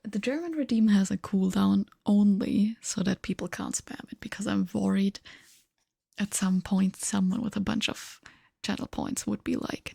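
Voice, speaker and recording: A tired woman chatting in a breathy whisper during an ASMR livestream, switching between two languages. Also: medium pitch, moderate pace, dark tone, no echo, clean studio sound. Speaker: ASMR streamer.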